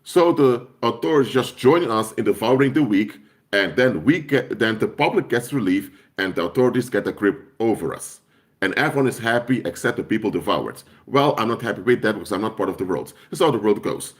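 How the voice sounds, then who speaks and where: A man's voice: fairly low pitch, expressive, a little fast. A man preaching on a live stream in an impassioned way, hammering home points by repeating phrases. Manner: emphatic, repeats key phrases for force.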